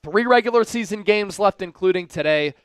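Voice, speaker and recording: Excitable high-voiced male livestream host. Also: fairly quick, smooth, dry recording. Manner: excitable, shouts at big plays; chats directly with viewers. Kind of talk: live watch-along commentary.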